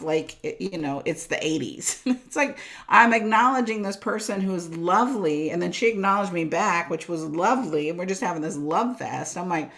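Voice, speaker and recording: A woman business coach telling personal stories in a casual interview, animated and laughing often, ending many lines with "right?". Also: lowish voice, normal speed. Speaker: profit coach, guest.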